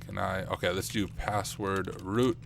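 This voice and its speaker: A young man talks casually to his live-stream viewers late at night, thinking aloud as he works and poking fun at his own mistakes. His fairly low voice is getting rough from too much streaming. Faint keyboard typing can be heard behind him at his desk mic. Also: fairly even intonation, a little slow, background noise. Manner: thinking aloud, self-deprecating, chatty with viewers. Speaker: streamer, penetration tester. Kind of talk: casual live-stream talk while working. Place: home computer room at night.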